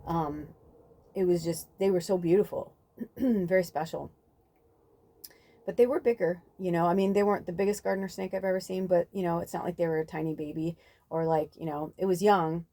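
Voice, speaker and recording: A woman's voice: on the low side, fairly even intonation, a little fast, dark tone. A woman hosting a spiritual podcast, talking in a casual, rambling monologue full of fillers and the odd swear word.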